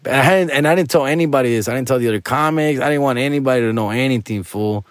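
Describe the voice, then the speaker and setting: A man's voice: mid-range voice, quick pace, no echo, studio quality. A male stand-up comedian telling a personal story to listeners in a casual, candid way, full of street slang. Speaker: stand-up comedian, podcast host.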